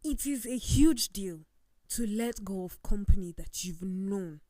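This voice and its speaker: A woman's voice: medium pitch, expressive, measured pace, dark tone, dry recording. A woman on a panel talk show, earnest and emphatic as she cites scripture. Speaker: co-host.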